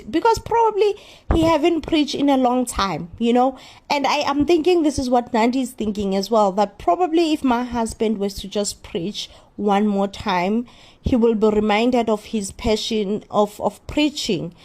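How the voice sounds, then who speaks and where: A woman giving an animated, opinionated recap of a reality show, often repeating herself in exasperation. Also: fairly high pitch. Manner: animated, repetitive, exasperated commentary.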